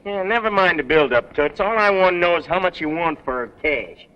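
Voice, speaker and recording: An actor playing a blunt, slangy, suspicious car buyer in a 1930s comedy film. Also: male voice, on the high side, animated, normal speed, big-room sound, lightly acted. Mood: gruff. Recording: dull 1930s film soundtrack.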